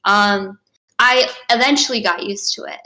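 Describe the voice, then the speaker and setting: A woman's voice: medium pitch, measured pace, sharp tone, low-quality recording. Bubbly young woman with lots of likes. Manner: bubbly, frequent 'like' and 'um', laughs often. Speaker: actress guest. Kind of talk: casual interview.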